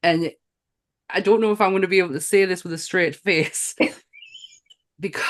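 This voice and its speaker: Lower-voiced woman, blunt and giggly. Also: normal speed. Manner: blunt, giggly, swears freely. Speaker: podcast co-host. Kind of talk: casual film review chat.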